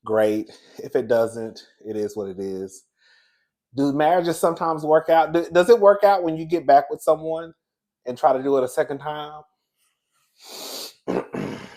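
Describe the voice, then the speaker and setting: A man hosting casual gossip commentary, chatty and animated, calling listeners "girl" and "baby.". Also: medium pitch. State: out of breath. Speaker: commentary host.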